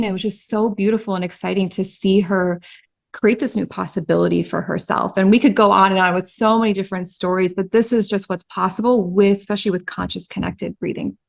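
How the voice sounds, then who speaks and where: A woman breathwork practitioner being interviewed, telling client stories in an animated way with many "like" and "I mean" fillers. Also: mid-range voice, gravelly. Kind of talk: casual interview storytelling.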